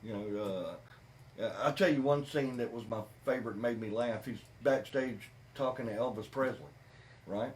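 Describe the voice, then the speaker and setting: A man hosting a podcast, chatting casually about a movie with animated, repetitive emphasis. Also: mid-range voice, moderate pace, slight background noise. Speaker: podcast host. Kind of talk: casual movie review chat.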